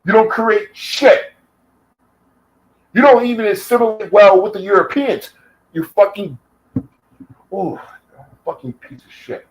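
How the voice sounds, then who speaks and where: Combative American man, heated and profane, rant-style delivery, voice on the high side. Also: measured pace, pauses often, a little hiss or hum, low-quality recording. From United States. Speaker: YouTube commentator. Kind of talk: angry reaction rant.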